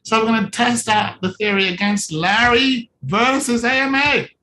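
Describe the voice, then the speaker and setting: A coach giving a live presentation on a video call. The delivery is animated and playful, with little scenes acted out. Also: medium pitch, normal speed, background noise. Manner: animated and playful, acts out little scenes while talking to a participant. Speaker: coach presenting at a virtual summit.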